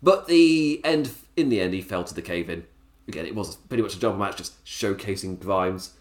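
Animated, laughing man reviewing wrestling. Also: low voice, normal speed. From England. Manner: chatty, laughs often, enthusiastic. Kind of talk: casual solo recap podcast.

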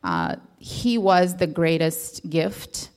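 A woman's voice: low-pitched, huge pitch swings, slow pace, a little mellow, smooth. A woman from the audience sharing a personal story at a question session, hesitant and rambling, with many fillers and restarts. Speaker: audience member asking a question.

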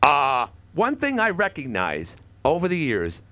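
Male radio talk host, fairly high voice, very lively pitch, rambling, animated. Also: unhurried. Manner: animated, rambling, acts out quotes from shows.

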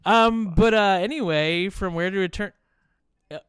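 A man's voice: sits high, measured pace, a bit bright, clean tone, dry recording, clean studio sound. A man hosting a podcast over a video call, rambling with many fillers and frequent swearing. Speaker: podcast host.

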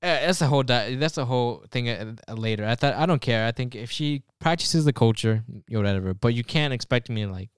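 A man's voice: medium pitch, animated, fairly quick, hardly any pauses, clear, resonant tone, no room sound, studio quality. A man co-hosting a podcast, chatting casually in a loose, rambling way and swearing now and then. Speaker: podcast co-host. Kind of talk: casual chat.

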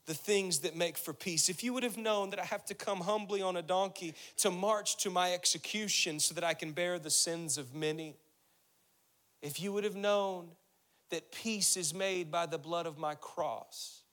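Preaching at a moderate pace, a man with a high, fairly bright voice works through scripture as a pastor, reading and explaining it. He speaks Jesus' words and repeats phrases for emphasis, his intensity rising as he goes.

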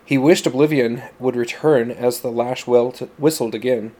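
A man narrating a story in a steady, plain storytelling manner. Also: mid-range voice, moderate pace. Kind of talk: audiobook narration.

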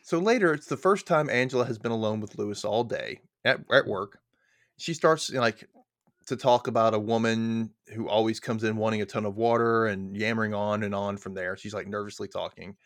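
A man's voice: on the low side, normal speed, a bit bright, dry recording, studio quality. A man co-hosting a podcast, casually recapping a story and acting out its quoted lines. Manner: chatty, retells scenes with quoted lines. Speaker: podcast co-host.

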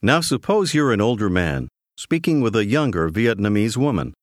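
A man narrating a language course in a clear, measured scripted style, giving prompts to the learner. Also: lowish voice, big pitch swings, no echo, studio quality.

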